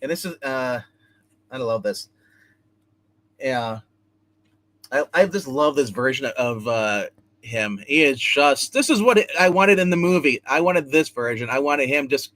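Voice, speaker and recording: A man sits and recaps comic book issues in a loose, chatty way. He restarts sentences often and drifts from point to point. His pitch sits in the middle range for a man. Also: lively intonation, measured pace, pauses often, a bit bright. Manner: loose, rambling retelling with many restarts. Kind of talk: casual solo comic review, retelling plots.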